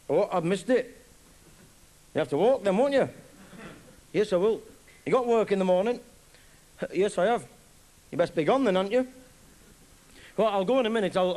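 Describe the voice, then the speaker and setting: A man's voice: sits high, a little mellow. A middle-aged man telling a rambling stand-up story and acting out both sides of awkward chats. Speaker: stand-up comedian. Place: theatre stage before a live audience. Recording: live concert recording, audience noise.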